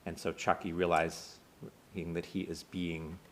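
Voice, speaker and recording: A man with an American accent giving a conversational sermon, retelling a film scene with many small pauses. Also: deep voice, level tone. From United States. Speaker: synagogue speaker.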